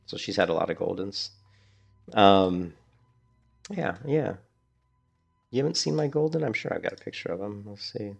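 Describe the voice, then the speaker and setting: A man's voice: lowish voice, animated, moderate pace, vocal fry, pauses often, husky, soft background music. A man chatting casually and rambling as he streams a game. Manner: rambling, chatty, restarts a lot. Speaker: gaming streamer. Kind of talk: casual gameplay commentary.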